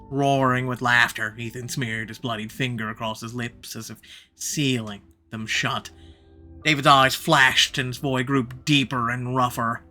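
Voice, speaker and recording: A man's voice: medium pitch, fairly even intonation, moderate pace, sharp tone, faint music behind. A man reading a visual novel aloud, narrating expressively and shifting his pace for drama.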